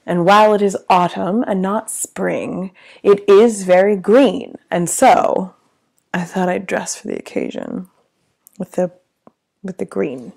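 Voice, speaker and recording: A woman hosting a casual livestream from a small hotel room, with a low gravelly voice and a theatrical, chatty manner that slips into swearing. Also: sing-song, slow pace, darkish tone. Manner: theatrical, grand greetings, then chatty with swearing. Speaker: livestream host.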